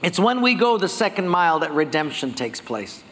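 Animated preacher in a reverberant hall. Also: male voice, sits high, moderate pace. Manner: animated storytelling, acting out dialogue. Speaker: pastor. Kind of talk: sermon.

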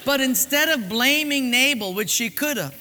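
A man preaching a sermon as a humorous, animated storyteller. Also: very high-pitched, normal speed, long reverb tail. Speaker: pastor.

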